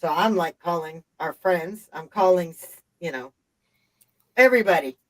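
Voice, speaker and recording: A woman's voice: fairly low pitch, normal speed, rough recording. A middle-aged woman hosting a live stream, telling a story in casual chat, with an emphatic, profane and rambling delivery.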